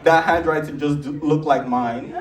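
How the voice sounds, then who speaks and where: A young man with a Nigerian accent doing a stand-up comedy set, animated and jumping into a high voice for acted quotes. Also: moderate pace, a crowd in the background. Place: large theater stage with live audience. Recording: roomy theater sound, distant mic, loud audience laughter.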